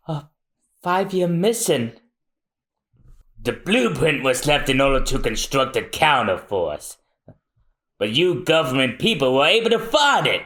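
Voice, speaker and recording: A podcast co-host reading a manga aloud, narrating the panels between lines in an unhurried way. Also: medium pitch, very animated, a bit bright.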